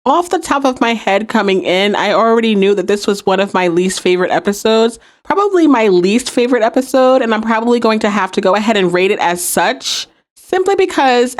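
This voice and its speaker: A woman hosting a podcast, recapping and reviewing a TV episode and acting out quoted lines. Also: medium pitch. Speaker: podcast host.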